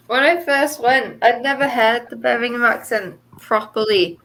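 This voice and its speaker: A woman's voice: a little high, fairly bright tone, slight background noise, rough recording. Giggly woman with a Liverpool-posh lilt. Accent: mix of Liverpool and posh English. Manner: giggly, blunt teasing. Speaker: group chat participant. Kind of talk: casual chat.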